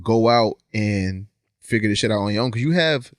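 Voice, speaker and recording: A man's voice: on the low side, expressive, normal speed, dry recording, clean studio sound. A man co-hosting a podcast, recapping a TV episode in loose, profane slang and laughing often. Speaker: podcast co-host. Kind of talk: casual chat recapping a TV show.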